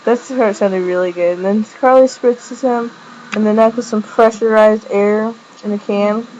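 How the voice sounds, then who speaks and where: A woman's voice: steady tone, moderate pace, darkish tone. A woman giving a casual fan recap of a TV episode, chatty and rambling, stringing events together with "and then she's like". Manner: acts out quoted lines with jumps in pitch. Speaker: fan reviewer. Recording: muffled lo-fi home recording with faint hiss.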